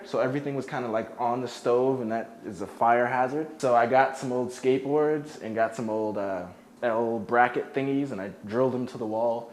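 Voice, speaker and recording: A man's voice: mid-range voice, slight background noise. A young man who was once homeless, chatting casually and jokingly as he gives a tour of his apartment. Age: young adult. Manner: chatty, laid-back, jokey, with many "like" fillers. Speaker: formerly homeless youth. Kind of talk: casual home tour talk. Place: his own apartment, indoors.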